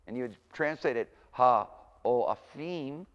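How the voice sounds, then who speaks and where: A man's voice: medium pitch, lively intonation, slow, fairly bright tone, clean tone, in a large hall, muffled recording. A man giving an informal language lecture, thinking aloud and often correcting himself. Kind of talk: recorded university lecture.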